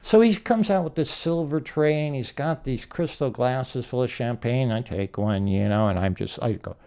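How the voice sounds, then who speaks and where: A man hosting a relaxed interview, spinning a long anecdote in a mid-range voice. He rambles, restarts and acts out what people said, chuckling along the way. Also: medium pitch, moderate pace, clean tone. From California. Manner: rambling anecdotes with acted-out quotes and laughs. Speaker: podcast interviewer. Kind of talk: casual interview storytelling.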